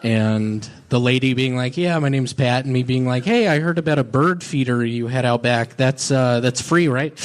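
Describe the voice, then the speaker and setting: Halting, awkward young comedian man. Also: medium pitch. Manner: halting, awkward delivery with many pauses. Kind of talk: deadpan stand-up and banter.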